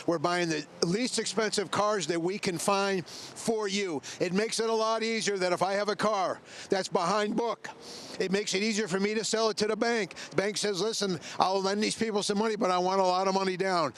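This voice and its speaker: A car dealer from the pitches his deals hard, with a high voice for a man. He hammers on his slogans and talks straight to the buyer. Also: fairly bright tone. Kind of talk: sales pitch.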